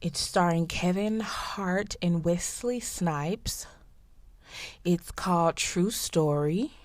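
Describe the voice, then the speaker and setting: A young woman with a lowish voice runs her own podcast in an animated, playful, casual style, speaking directly to listeners and jumping between quick tangents. No room sound is audible.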